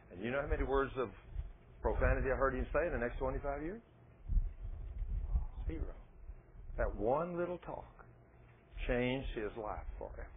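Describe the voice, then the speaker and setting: Folksy preacher on tinny radio. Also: male voice, a little high, slight background noise. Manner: folksy storytelling, acts out dialogue. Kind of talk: sermon. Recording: tinny phone-like radio broadcast.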